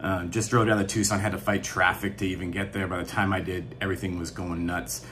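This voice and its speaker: Low-voiced man vlogging a storm outdoors. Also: flat delivery, a little fast, fairly bright tone. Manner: awed exclamations, thinking aloud. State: out of breath at times. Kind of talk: excited outdoor vlog commentary. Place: outdoors on a hillside during a storm. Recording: outdoor camera audio with background noise.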